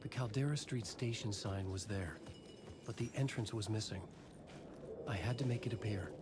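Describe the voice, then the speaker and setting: A weary male writer-detective, voiced by a man, murmurs his brooding thoughts in a game voice-over. His voice sits a little low. A clear hiss runs beneath the game audio. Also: moderate pace, lightly acted. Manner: low-key, brooding inner monologue.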